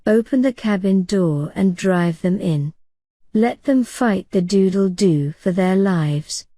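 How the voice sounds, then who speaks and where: A woman voicing a menacing male pirate captain in a soft bedtime audiobook reading, with a purring, courteous menace. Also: mid-range voice, expressive, takes it slowly, no echo, clean studio sound. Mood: scheming.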